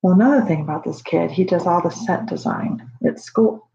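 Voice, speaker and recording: A mother in casual home video talk, rambling warmly with many fillers and restarts, proud of her daughter. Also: lowish voice, moderate pace, vocal fry, background noise. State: emotional, near tears at times. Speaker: proud mother sharing a story. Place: home at night. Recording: dull lo-fi home recording.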